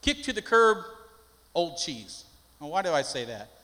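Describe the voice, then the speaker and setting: A man's voice: fairly high pitch, sing-song, a little slow, bright, forceful tone. An older man, a pastor, preaching a sermon with folksy stories that build into emphatic preaching. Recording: long hall reverb.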